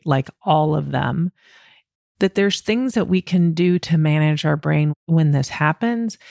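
Candid woman podcast host, gravelly edge. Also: low voice, a little mellow, no echo, clean studio sound. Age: middle-aged. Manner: candid, self-deprecating, laughs often. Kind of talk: solo podcast, coaching monologue.

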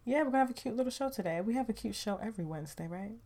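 A woman's voice: fairly high pitch, expressive, racing, dark tone, slight background noise. A woman hosting her podcast in a chatty, playful way, talking from her bedroom at home into a mic. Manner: chatty and playful, with laughs and slang. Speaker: podcast host. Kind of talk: casual podcast monologue. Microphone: home recording mic.

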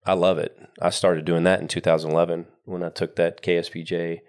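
A man co-hosting a podcast, speaking in a calm, relaxed way in casual chat. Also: sits low, a little fast. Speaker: podcast co-host.

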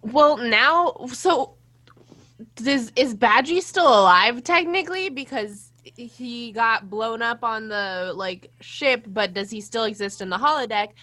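A woman's voice: a little high, expressive, takes it slowly, sharp tone. A woman casually recapping a TV episode as a podcast co-host, chatty and full of asides.

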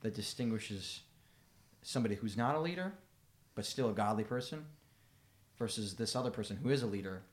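A man's voice: lowish voice, expressive, brisk, long pauses. A man hosting a conversation, asking probing questions and giving short affirmations. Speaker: podcast host. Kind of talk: conversational interview.

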